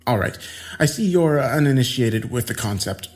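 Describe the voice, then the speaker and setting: A man's voice: medium pitch, animated, moderate pace, a little mellow, soft background music, pitched above the performer's own voice, lightly acted. A man voicing a giggly, unhinged young man in his mid-twenties who taunts and jokes casually. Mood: breezy. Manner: smirking, laughing, casual slangy taunts.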